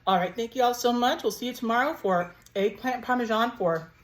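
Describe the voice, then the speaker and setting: A woman's voice: a little high, brisk. A woman chatting casually to her viewers while cooking and tasting food in a home kitchen. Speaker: cooking vlogger.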